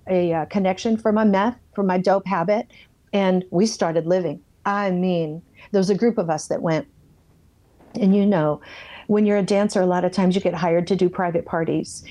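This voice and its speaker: A woman's voice: on the low side, mellow. A woman in an interview telling her own life story with candor, plain-spoken and blunt, acting out her past thoughts as she goes. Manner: blunt, plain-spoken, self-censors swearing. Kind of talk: candid personal testimony.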